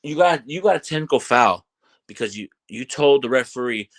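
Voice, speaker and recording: A man's voice: mid-range voice, normal speed. Fired-up man ranting about basketball. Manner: animated, fired-up, acts out players and referees. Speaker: basketball commentator. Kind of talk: casual sports rant.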